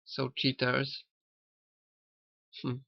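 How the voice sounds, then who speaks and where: A man who learned later in life talks slowly, halting and repeating himself. His voice is gravelly and the recording is dry and dull, as if taken close up with a cheap mic. He muses on a cartoon in a loose, spiritual way. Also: mid-range voice, monotone, no room sound. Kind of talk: rambling spiritual commentary on a cartoon. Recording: dull lo-fi sound.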